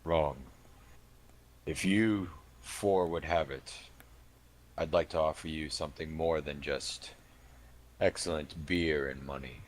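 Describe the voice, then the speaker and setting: Man, very deep voice, measured and commanding player in character. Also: steady tone. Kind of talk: in-character tabletop role-play.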